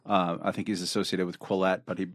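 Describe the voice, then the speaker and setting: A man co-hosting a podcast in casual panel discussion, halting with frequent fillers. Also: deep voice, flat delivery, no room sound, clean studio sound. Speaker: podcast co-host.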